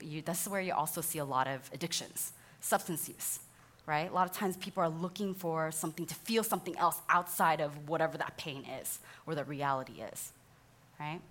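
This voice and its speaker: Speaking in a low-pitched voice, this counselor, a woman in her thirties, delivers a teaching talk in the style of a sermon. She laughs often and animatedly performs the voices she quotes.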